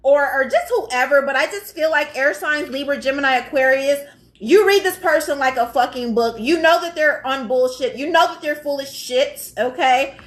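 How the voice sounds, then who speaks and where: A woman's voice: high voice, normal speed, a bit bright. A woman giving a live tarot reading in a blunt, profane, emphatic way, often checking in with "all right?". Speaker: tarot reader.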